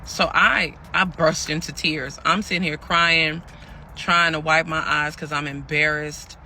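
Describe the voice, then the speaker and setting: A man's voice: on the high side, fairly even intonation, a little slow, bright, forceful tone, slight background noise, heavily acted. A man voicing a weary, aggrieved pregnant woman. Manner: chatty, addresses listeners as y'all, acts out quoted lines. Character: pregnant young woman telling her story, weary and hurt. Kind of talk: storytelling monologue.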